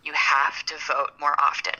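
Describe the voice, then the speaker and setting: A woman's voice: deep voice, monotone, moderate pace, bright, forceful tone, muffled recording. A young adult woman co-hosting a casual podcast chat, talking in a rambling way and stammering now and then as she looks for words. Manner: chatty, rambling, stammers when searching for words. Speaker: podcast co-host.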